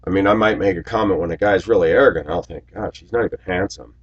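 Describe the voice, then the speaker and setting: A man in his forties telling stories in a rambling monologue to his viewers, raising his voice loudly when he acts out what people said. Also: low-pitched, fast, slightly rough, highs cut off. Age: 40s. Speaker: video blogger. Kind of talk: casual monologue to camera.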